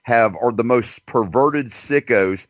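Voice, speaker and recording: A man's voice: mid-range voice, takes it slowly, no room sound. A man telling a long story in casual chat, rambling and profane. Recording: dull dry lo-fi recording.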